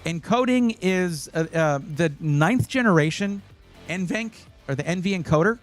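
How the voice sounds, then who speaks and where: A man hosting a live stream, chatting casually and advising viewers, with frequent fillers and sudden bursts of excitement. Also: sits high, moderate pace, soft background music. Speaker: livestream host giving PC buying advice.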